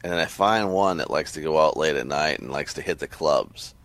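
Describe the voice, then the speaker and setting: A man's voice: a bass voice, fairly quick. A man co-hosting a sports radio show, chatting casually and playfully, throwing questions at his partner. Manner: animated, jokey, throws questions.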